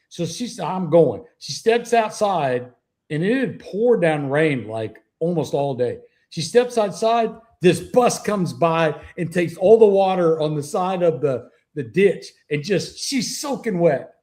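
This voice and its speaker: A man's voice: fairly high pitch, animated, unhurried, darkish tone. A middle-aged man, a retired police officer telling profane anecdotes as a guest on a call-in interview. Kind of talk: casual storytelling interview.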